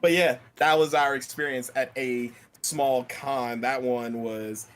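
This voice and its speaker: A man hosting a podcast in casual chat, excitable, laughing and swearing freely. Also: medium pitch, slow pace. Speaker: podcast host.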